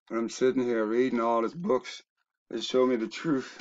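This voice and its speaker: A man talking in a rambling, casual monologue that drops to low mutters and jumps to loud exclamations. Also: level tone, normal speed, lo-fi sound, a little hiss or hum. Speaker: video commentator.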